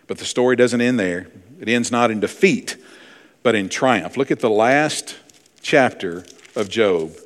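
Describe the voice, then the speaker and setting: A man preaching a sermon, reading scripture aloud, earnest and swelling in volume for emphasis. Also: mid-range voice. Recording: long hall reverb in a church.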